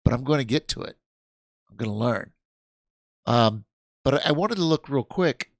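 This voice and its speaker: A man's voice: medium pitch, lively intonation, moderate pace, dry recording, studio quality. A man hosting a casual livestream, rambling and restarting his sentences, tired and yawning. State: sleepy. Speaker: livestream host.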